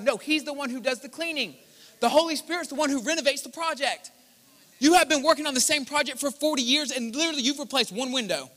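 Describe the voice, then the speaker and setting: A man's voice: very high voice, fast, a bit bright. A man preaching a live sermon as pastor, talking to the congregation and rising into impassioned declarations. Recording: live church hall with long reverb.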